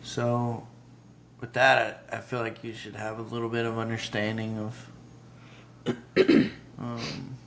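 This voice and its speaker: A man speaks as a guest on a casual podcast, in a measured and thoughtful way, pausing to clear his throat. His voice sits in an ordinary middle range. Faint background noise runs under him. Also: medium pitch, completely flat delivery, fairly bright tone. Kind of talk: casual chat.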